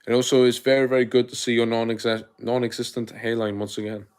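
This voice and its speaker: A man's voice: mid-range voice, fast, clear, resonant tone. A young man from South Wales with a South Welsh accent, chatting casually on a live stream, reading out viewer comments and answering them with slang. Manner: relaxed, chatty, uses slang like mate and my guy. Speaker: livestreamer.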